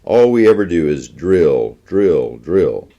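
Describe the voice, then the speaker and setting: A man's voice: low voice, sing-song, slow pace, mellow, muffled recording, heavily acted. A man doing a brash, grumbling young soldier. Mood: boastful. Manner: brash, complaining.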